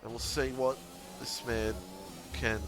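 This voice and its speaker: A man's voice: medium pitch, flat delivery, slow, noisy background. Chatty laughing male race commentator. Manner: chatty and laughing, banters with chat and co-hosts. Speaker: sim racing league commentator. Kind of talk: casual live stream commentary.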